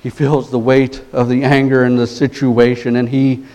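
A man's voice: medium pitch, level tone, normal speed, dark tone, rough recording. A man preaching a sermon as pastor, earnest and emphatic, building points through repeated phrases.

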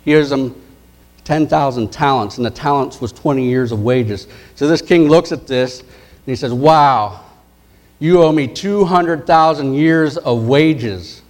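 A man preaching a sermon, retelling parables in a conversational way and dropping his voice low and soft for key words. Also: measured pace. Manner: conversational storytelling, dropping to soft intense tones for quoted lines.

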